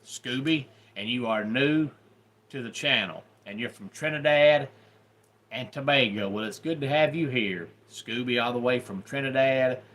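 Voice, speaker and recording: A middle-aged man from the Deep South of the US, with a Southern drawl and a mid-range, fairly bright voice at normal speed. He's a YouTube host running a casual livestream, offering blunt opinions and greeting viewers by name.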